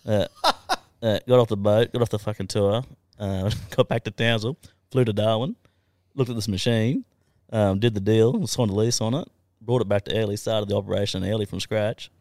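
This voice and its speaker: A man's voice: on the low side, fairly quick, darkish tone, no echo, clean studio sound. An Australian man, a podcast guest, telling his life story in a casual, profane way and laughing now and then. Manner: swears constantly, laughs through his story.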